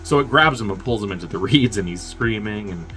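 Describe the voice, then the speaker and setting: A man's voice: on the low side, lively intonation, a little fast, fairly bright tone, faint music behind. A man casually recapping a film's plot as a reviewer, rambling and profane, with chuckling asides. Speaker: movie reviewer.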